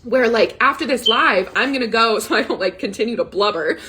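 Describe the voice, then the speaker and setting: A woman in her thirties talks candidly in a live coaching session, close to tears as she tells her story. Her voice sits somewhat high and swings widely in pitch. She keeps checking in with "right?" and peppers her talk with "like". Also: lively intonation, brisk, sharp tone. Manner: candid, emotional, often says "right?" and "like". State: tearful, close to crying.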